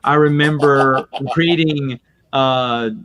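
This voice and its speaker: A man chatting casually as a podcast guest, telling lively stories and laughing often. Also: mid-range voice, takes it slowly, a crowd in the background. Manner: lively storytelling with frequent laughs. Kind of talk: casual chat. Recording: muffled lo-fi audio.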